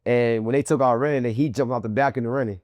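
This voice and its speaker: Interview guest, male, animated storyteller, heavy slang, dry close mic. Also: mid-range voice, fast, dry recording. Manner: animated, profane street slang, acts out quotes. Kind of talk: casual storytelling.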